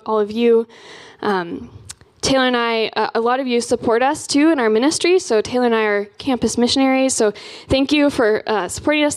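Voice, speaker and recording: Chatty young woman, higher voice. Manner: chatty, frequent "um" and "like" fillers. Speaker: campus missionary. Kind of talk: casual church talk.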